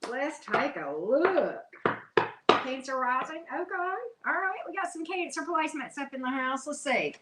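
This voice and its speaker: A woman's voice: sits high, lively intonation, normal speed, reverberant, heavy background noise. A woman giving a casual tarot reading to her viewers, chatty, blunt and teasing, calling them love and baby. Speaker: tarot reader.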